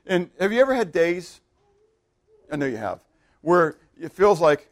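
A pastor preaching a sermon, animated and questioning his congregation, swinging between loud emphasis and hushed asides. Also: high-pitched, unhurried, long pauses.

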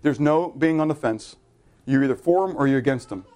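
A middle-aged man preaching a sermon, animated and conversational, asking the congregation to answer and correcting himself in loose asides. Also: mid-range voice, fairly quick. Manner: animated preaching with audience call-and-response. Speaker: pastor.

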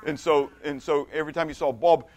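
Against a noisy background, a man with a fairly high, evenly intoned voice leads an interactive Bible class at a brisk clip. As the teacher, he reads scripture aloud with emphasis, often repeats or restarts words, and conversationally checks again and again that his listeners understand.

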